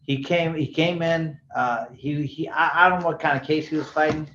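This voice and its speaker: Telling stories in a casual interview, this middle-aged bail bondsman speaks at a moderate pace in a slightly high, fairly bright voice. He rambles loosely and imitates the people he quotes, and the roomy, dull-sounding recording carries a little hiss or hum.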